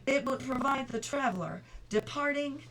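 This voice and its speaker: A middle-aged woman reading a novel aloud at home, steady and clear, now and then stopping for chatty asides. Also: high-pitched, moderate pace. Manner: reads steadily, breaks off for chatty asides and laughter. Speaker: audiobook reader.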